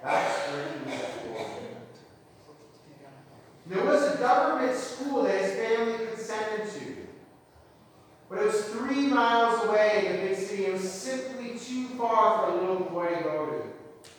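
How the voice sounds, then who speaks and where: Earnest male preacher with a high voice, heard from a distance in a booming hall. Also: animated, unhurried, slight background noise. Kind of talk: sermon with storytelling. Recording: echoey hall, distant mic.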